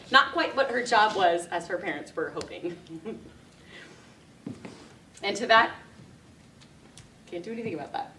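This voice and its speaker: A woman giving a speech, telling a personal story in a lively way and laughing often. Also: medium pitch, unhurried, long pauses, a little hiss or hum. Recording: echoey room, mic from a distance.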